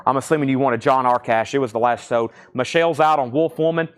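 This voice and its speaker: A man hosting a live online record auction, calling out titles, prices and bidders in a brisk, businesslike patter. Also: mid-range voice, clear, resonant tone. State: throat a bit choked, coughing.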